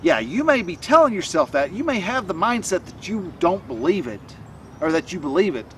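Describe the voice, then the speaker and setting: A man's voice: high voice, very animated, brisk, fairly bright tone, distant mic, slight background noise. A man speaking casually to camera as a self-help coach, rambling and restarting often with many fillers. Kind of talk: casual motivational talk to camera.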